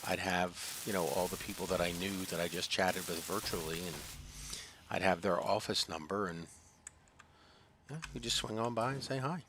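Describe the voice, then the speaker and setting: A man's voice: deep voice, moderate pace. A man from the US East Coast chatting casually while gaming, rambling with lots of fillers. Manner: rambling storyteller, many fillers. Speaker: gaming channel host. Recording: noisy background hiss.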